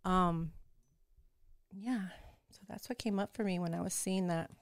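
A woman's voice: on the low side, unhurried, no room sound. Candid woman telling a raw personal story. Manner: raw and emotional, swears freely, many filler "like"s. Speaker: guest telling her story.

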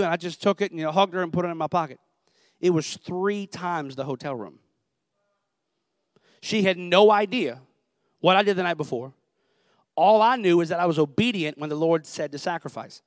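Young guy preaching, chatty storytelling, voice a bit high, dry close sound. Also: dry recording. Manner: conversational storytelling, Southern phrasing. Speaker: pastor. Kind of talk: sermon with personal story.

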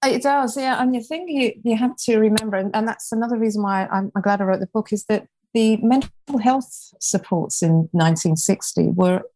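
A woman's voice: medium pitch, normal speed, hardly any pauses, mellow. Brief: sixties woman from England, interview guest, earnest and reflective storyteller. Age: 60s. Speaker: author guest. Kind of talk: interview conversation.

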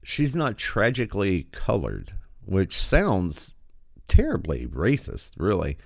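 A man with a fairly low voice that swings wildly in pitch as he reacts with sarcasm and disbelief. He delivers his commentary in a dry, close recording with no room sound. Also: huge pitch swings, slow, vocal fry, dry recording. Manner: sarcastic, incredulous, interrupting.

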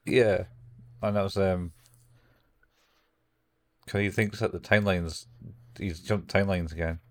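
A man's voice: low voice, steady tone, measured pace, no echo. A man casually recapping anime episodes as a podcast co-host, rambling and acting out the characters' lines.

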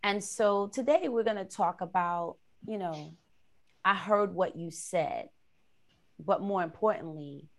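A woman hosting a casual podcast over a video call, upbeat and quick to laugh. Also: medium pitch. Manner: upbeat, laughs often, greets warmly. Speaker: podcast host.

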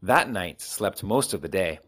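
A man reading short children's stories aloud with clear, expressive storytelling. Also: deep voice, a little slow. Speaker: narrator.

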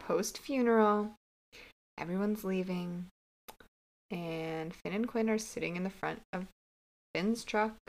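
A woman's voice: medium pitch, slow, long pauses. A woman co-hosting a podcast, chatting casually about a TV episode and voicing her own reactions as quotes. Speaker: podcast co-host. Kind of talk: casual TV recap chat.

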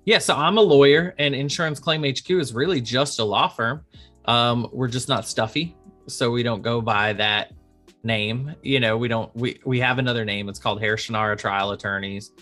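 A man in his thirties chats casually as a podcast guest, explaining his law work. His voice sits in a middle pitch, and he slips into voices for the people in his stories. Faint guitar music plays behind. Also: moderate pace. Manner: animated storyteller, acts out quoted dialogue. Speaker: insurance attorney guest.

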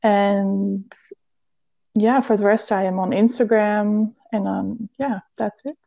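A woman's voice: medium pitch, steady tone, takes it slowly, creaky, dull audio. A woman with a Dutch accent, a health and fitness coach, speaking earnestly in a podcast interview and now and then searching for an English word.

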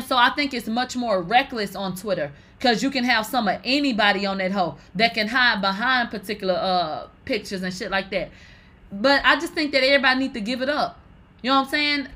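A woman runs through celebrity fan drama in casual commentary. Her voice sits high and sounds bright and forceful. She talks in an animated, profane way with dramatic exclamations. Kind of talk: casual pop-culture commentary.

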